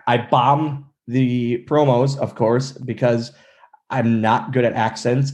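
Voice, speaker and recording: A man in his thirties, a former wrestler, telling stories in a casual interview and acting out other people's lines. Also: medium pitch. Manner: animated storyteller, acts out quotes.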